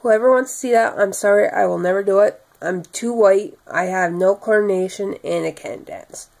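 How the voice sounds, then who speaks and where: A young woman vlogger, tired and talking in a monotone full of fillers as she wraps up her video. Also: mid-range voice, normal speed, vocal fry. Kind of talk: casual vlog sign-off.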